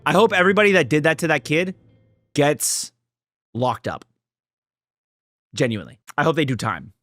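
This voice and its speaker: A young man reacting to a show, cursing freely and getting worked up, his voice leaping up high and then dropping to low mutters. He sits fairly high for a man and sounds dry and close to the mic. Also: very animated, moderate pace, no room sound. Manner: profane, heated and emphatic, swings between loud outbursts and low muttering. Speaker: reaction video creator. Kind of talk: casual reaction commentary.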